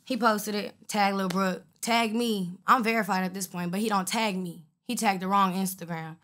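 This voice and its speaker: A woman's voice: mid-range voice, steady tone, moderate pace, fairly bright tone. A woman rapper, a guest in an interview, casually telling stories in a blunt, profane way and acting out the other people's lines. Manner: blunt, profane, retells exchanges with quoted voices.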